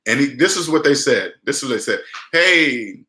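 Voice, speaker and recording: A man's voice: medium pitch, lively intonation, quick pace, fairly bright tone. A man giving a blunt, emphatic personal finance lecture straight to his viewers, often restarting his sentences. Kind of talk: casual lecture to the camera. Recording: roomy echo.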